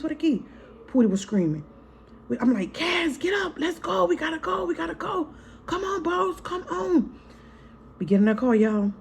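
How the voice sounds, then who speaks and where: A woman's voice: fairly low pitch, darkish tone, a little hiss or hum. Chatty, blunt woman telling a storytime. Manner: chatty, frank and profane, keeps calling to viewers as "y'all" and "girl"; re-enacts scenes vividly in the retelling. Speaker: family vlogger, mother. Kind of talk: casual storytime vlog.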